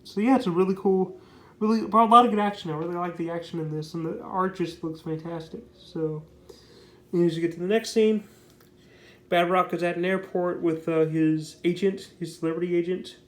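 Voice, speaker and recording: With a high, fairly bright voice and a steady tone, a man gives a relaxed review of a comic book at moderate pace. The talk wanders, packed with "basically" and "like," and he repeats his praise; the room echo is noticeable.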